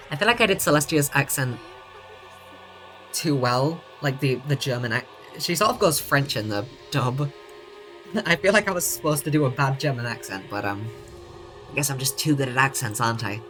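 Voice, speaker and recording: Low-voiced sarcastic woman streamer. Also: animated, moderate pace, fairly bright tone, soft background music. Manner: swears casually, laughs often, sarcastic. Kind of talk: casual let's-play commentary.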